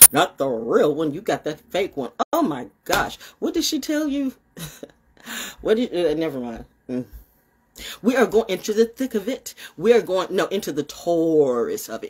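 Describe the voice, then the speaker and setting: A woman talking casually to her camera in a rambling monologue, swinging from high exclamations to low muttering and swearing freely. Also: a little mellow, breathy edge. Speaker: vlogger.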